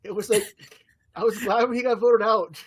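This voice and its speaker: A man co-hosting a podcast in casual chat, relaxed and agreeable, often backing up his partner. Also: high-pitched, normal speed, slightly rough. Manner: relaxed, agreeable, with frequent short yeahs. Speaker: podcast co-host.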